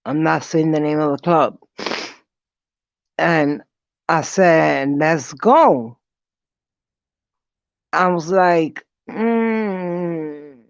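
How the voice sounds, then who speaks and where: A vlogger telling a story in a casual, animated way, laughing often and swearing freely. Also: mid-range voice, extremely slow, gravelly, pauses often, clear, resonant tone, no echo. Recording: dull, slightly lo-fi dry audio.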